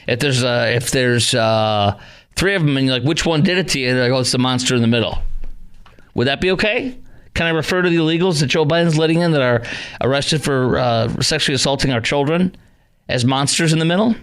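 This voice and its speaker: A middle-aged man hosting call-in talk radio, his voice sitting at an ordinary male pitch. He talks in a sarcastic, exasperated way and scoffs at the material he runs through. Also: a little fast, fairly bright tone, smooth. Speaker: radio talk show host.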